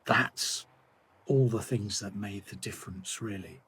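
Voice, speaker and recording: A man who coaches sales, giving a reflective storytelling talk in a measured way that trails off softly at the ends of phrases. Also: lowish voice, a little hiss or hum.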